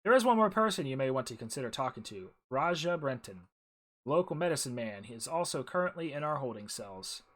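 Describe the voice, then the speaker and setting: A man's voice: medium pitch, very animated, fairly quick, a bit bright. A man voicing a stern, by-the-book male jungle ranger officer, reading game dialogue aloud in a formal briefing tone.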